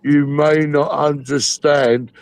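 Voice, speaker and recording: A man's voice: on the high side, little pitch movement, slow pace, gravelly, dry recording. A man in casual panel chat who talks bluntly and swears. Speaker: live-stream panel chatter.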